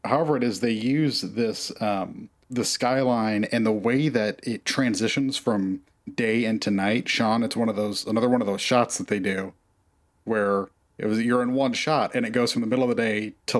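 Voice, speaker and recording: Rambling low-voiced male co-host. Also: normal speed. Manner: rambling, filler-heavy. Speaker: podcast co-host. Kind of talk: casual chat.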